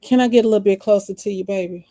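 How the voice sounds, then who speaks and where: A woman's voice: medium pitch, very fast, warm tone, slight background noise, natural voice. A woman playing a flirty, country-sounding woman who coos and sweet-talks her man in an improvised role-play. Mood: sultry, coaxing. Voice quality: country-sounding, sultry coo.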